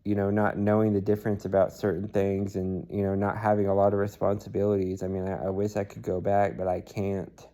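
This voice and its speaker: A weary man talking in a personal video diary, halting and soft-spoken, with many fillers and restarts. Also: lowish voice, monotone. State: weary and tired. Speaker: vlogger.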